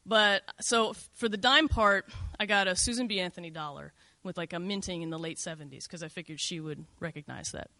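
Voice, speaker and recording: A woman's voice: fairly low pitch, a little fast, creaky, hardly any pauses, sharp tone, no room sound. A middle-aged woman telling a first-person story in a candid, conversational way, full of "like" and "you know".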